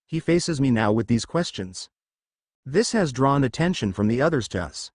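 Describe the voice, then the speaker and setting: Guy reading a story recap out loud, lively up-and-down voice, dry close sound. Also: medium pitch, moderate pace, dry recording. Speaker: recap narrator. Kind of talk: scripted storybook narration.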